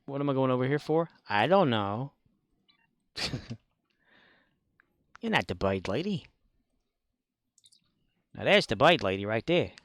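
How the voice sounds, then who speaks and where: A man's voice: mid-range voice, smooth, dry recording. A man streaming a video game and chatting casually in a rambling way, with chuckling asides. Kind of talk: casual gaming commentary.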